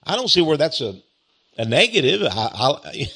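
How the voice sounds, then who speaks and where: Chuckling Texan man, lively sarcastic drawl. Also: a little high, normal speed, husky. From East Texas. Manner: chuckling, drawling, sarcastic, repeats phrases with mock pride. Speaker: host. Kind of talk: monologue reading and mocking a critical article.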